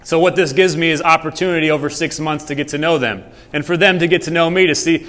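Brief: young male pastor, a bit high-pitched, chatty storytelling sermon, reverberant hall. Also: fairly even intonation, quick pace, hardly any pauses, fairly bright tone. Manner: conversational, storytelling. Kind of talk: casual sermon. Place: church hall.

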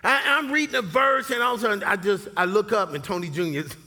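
A middle-aged male pastor preaching a sermon, swinging from quiet asides to loud high bursts. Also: fast. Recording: long hall reverb.

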